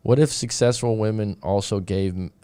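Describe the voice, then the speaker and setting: A man's voice: on the low side, fairly even intonation, normal speed, mellow, clear, resonant tone. A man hosting a casual live stream as a dating coach, speaking, rambling with frequent restarts and asides as he reads viewer comments.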